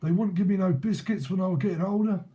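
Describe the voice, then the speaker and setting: A man voicing the spirit of an old cockney man, a former smoker, speaking in a rough, matey, grumbling way. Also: sits high, quick pace, dark tone, voice pushed up, close to an everyday voice. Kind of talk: psychic channeling.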